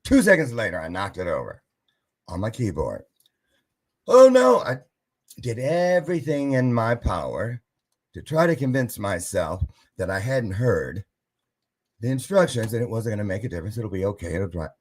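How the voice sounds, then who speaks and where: Hosting his live-stream show, a man with a husky, slightly rough voice tells a rambling personal story in a casual monologue. His sing-song pitch swings widely as he voices each quoted person, and he talks at normal speed.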